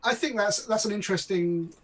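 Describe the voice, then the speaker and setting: A man's voice: sits high, fairly quick, a bit bright, rough recording. A man hosting a casual discussion, thoughtful and a little hesitant, handing turns to the others. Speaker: host.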